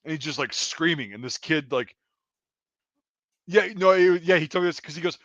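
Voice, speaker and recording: A man's voice: fairly high pitch, a little fast, dry recording. A man, an army veteran, telling war stories in a casual, profane chat. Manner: profane, animated anecdote telling. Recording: dry, slightly dull sound.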